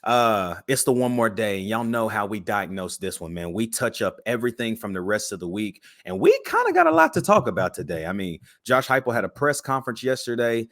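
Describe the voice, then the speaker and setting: A man's voice: fairly low pitch, sing-song, brisk, hardly any pauses, a bit bright, no echo, clean studio sound. A man co-hosting a sports podcast in a hyped, slangy, casual way. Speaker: podcast co-host.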